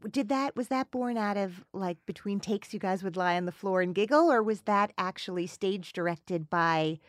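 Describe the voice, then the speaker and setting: A woman interviewer fires off eager, leading questions in a relaxed conversation. Her voice sits at an ordinary middle pitch, recorded close and dry. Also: normal speed, dry recording. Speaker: interviewer host. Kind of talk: casual interview chat.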